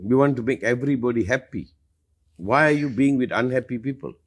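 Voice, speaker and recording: A man's voice: a little fast, breathy edge. A middle-aged man speaking as a spiritual teacher in a live question-and-answer talk, emphatic and passionate. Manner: emphatic, passionate, lively swings in pitch and loudness.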